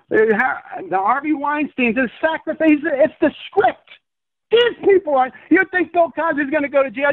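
High-voiced man ranting down a phone line. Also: dry recording. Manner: profane, rambling rant. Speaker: guest. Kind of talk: phone-in interview.

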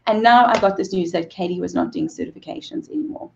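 A woman's voice: mid-range voice, fast talker, gravelly, dull audio, a little hiss or hum. Earnest woman telling a personal story. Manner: earnest, repeats phrases, laughs between sentences. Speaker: guest, movement coach. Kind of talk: emotional storytelling in a podcast interview.

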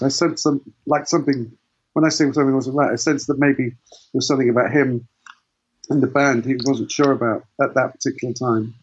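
A man with a mid-range, slightly rough voice, recorded with lo-fi sound, appears as a guitarist guest in a casual interview. He tells long, rambling anecdotes and keeps restarting them.

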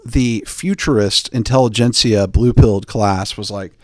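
A man's voice: fairly low pitch, unhurried, no echo, studio quality. A man hosting a podcast, chatting casually in a rambling, joking way with lots of fillers. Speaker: podcast host. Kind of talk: casual chat.

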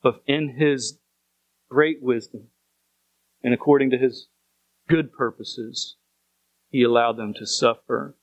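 A man's voice: medium pitch, fairly even intonation, takes it slowly, long pauses, dry recording, muffled recording. A man preaching a sermon as pastor, speaking earnestly and repeating phrases for emphasis.

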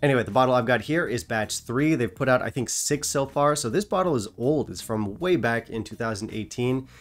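A man's voice: medium pitch, animated, brisk, faint music behind. Dry-humored man hosting a whisky review. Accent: non-British English. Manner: dry, self-mocking humor. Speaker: whisky reviewer, channel host. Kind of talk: casual scripted review.

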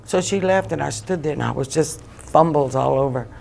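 Gravelly woman telling a painful story. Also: sits low, darkish tone, slight background noise. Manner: halting, repeats phrases, relives the moment. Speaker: guest, bereaved mother. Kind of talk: emotional personal testimony.

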